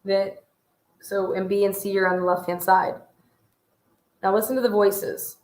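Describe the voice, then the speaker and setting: A woman's voice: mid-range voice, little pitch movement, a little slow, echoey room. Woman host picking apart footage, level tone. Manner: analytical, pointing out details. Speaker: commentary show host. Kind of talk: case commentary over footage.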